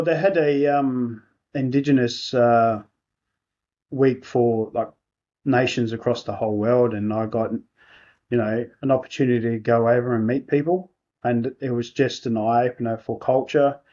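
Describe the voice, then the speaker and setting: A softly spoken man with an Australian accent, a guest on a podcast, talking hesitantly with many pauses and restarts. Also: medium pitch, muffled recording. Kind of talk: casual interview chat.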